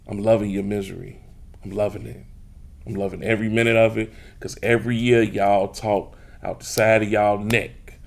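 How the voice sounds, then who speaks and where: A man hosts a casual sports talk show. He teases and brags at rival fans, talking straight to the listeners at a medium pitch. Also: creaky. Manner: teasing, boastful, talks straight to listeners. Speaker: podcast host.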